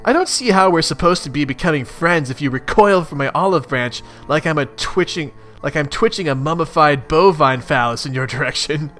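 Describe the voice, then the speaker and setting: A man's voice: a little high, fairly quick, hardly any pauses, a bit bright, soft background music, lightly acted. A man voicing a manipulative young female troll with a sly, teasing manner.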